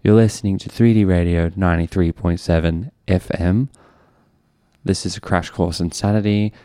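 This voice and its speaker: An Australian radio DJ, a man whose voice sits on the low side, rambles happily between songs. His chat is loose and enthusiastic, full of little asides. The studio mic sounds close and dry, with no room sound. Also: fairly even intonation, normal speed, dark tone, no room sound. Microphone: studio microphone.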